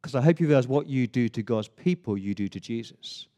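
A man's voice: medium pitch, animated, fairly quick, mellow, long reverb tail. An English man preaching a sermon in a church, emphatic, with rhetorical questions and frequent word repeats. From England. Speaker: pastor. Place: church service.

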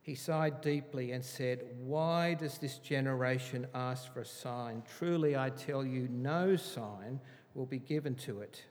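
A man teaching through a Bible passage in an animated, emphatic, chatty way. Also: mid-range voice, a little slow. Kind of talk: conversational Bible study sermon. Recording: reverberant hall.

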